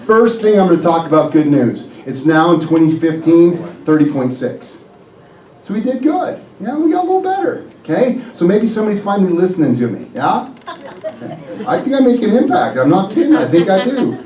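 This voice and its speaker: A man's voice: high-pitched, very animated, brisk, mellow. A man, a chiropractor, giving a motivational health seminar to a live audience, joking and firing questions at the room. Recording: echoey room, distant mic, faint ambience.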